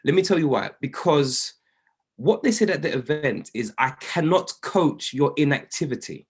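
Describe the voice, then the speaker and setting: A man's voice: fairly high pitch, expressive, moderate pace, breathy edge. A man coaching traders on an online group call, emphatic and preachy, hammering key phrases by repeating them. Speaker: trading mentor.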